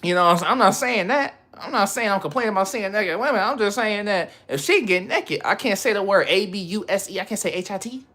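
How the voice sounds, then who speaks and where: Bright-voiced rambling male streamer. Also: high voice, lively intonation, fairly quick, hardly any pauses. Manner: rambling, slangy, laughs often. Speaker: livestreamer. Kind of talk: casual livestream chat.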